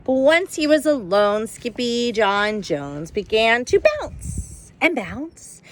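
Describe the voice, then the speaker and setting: A woman reading a children's picture book aloud at home, expressive and pausing to ask her listeners questions. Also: fairly high pitch, slight background noise. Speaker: storybook reader.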